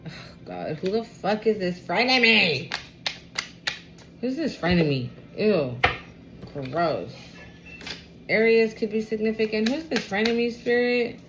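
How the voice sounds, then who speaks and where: A woman giving a casual tarot reading to camera. She is animated and expressive, swears freely and talks aloud to spirit. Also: mid-range voice, unhurried, pauses often, background noise. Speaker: tarot card reader.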